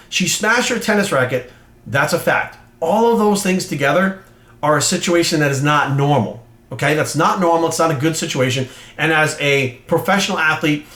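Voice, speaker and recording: A man's voice: on the high side, a bit bright. A middle-aged man hosting his own channel, ranting bluntly and heatedly to camera with constant swearing and repeated emphasis. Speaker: fitness trainer and channel host. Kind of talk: profane opinion rant to camera. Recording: roomy echo.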